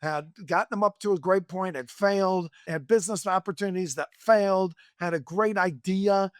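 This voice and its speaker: A man hosting a podcast, his voice sitting slightly high for a man. He retells a story with enthusiastic, rambling asides. The recording is close and dry. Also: normal speed, smooth, dry recording. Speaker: podcast host. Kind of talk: casual interview.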